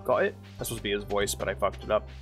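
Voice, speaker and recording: Over faint background music, a man with a fairly low voice talks very fast in a flat delivery as he streams a farming game. He keeps up casual commentary, humming to himself, reading lines out loud, and cursing without restraint.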